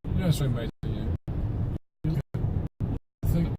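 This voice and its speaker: Older man, opinionated storyteller, chuckling passenger, loud road noise in a car. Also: medium pitch, unhurried. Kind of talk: casual chat. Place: inside a car.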